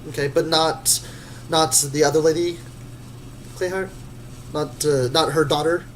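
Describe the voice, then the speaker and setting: A player in an online tabletop game, describing their character's actions haltingly, with many restarts. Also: mid-range voice, fairly even intonation, slight background noise, rough recording. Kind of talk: casual tabletop role-play.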